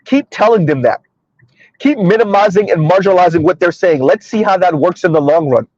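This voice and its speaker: A man in his thirties delivers sassy, preachy social commentary straight to his audience. His voice is fairly high and slightly husky. The sound is dry and dull, like a lo-fi recording. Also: animated, fairly quick, a little mellow, no room sound. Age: 30s. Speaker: commentary streamer.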